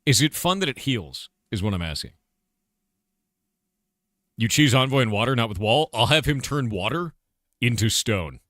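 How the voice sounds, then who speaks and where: A man with a mid-range voice chats casually with his livestream audience as a game developer, speaking at a moderate pace and pausing often. He asks viewers questions, thinks out loud, and breaks into sudden emphatic outbursts in an animated way. The recording is clean studio sound with no echo.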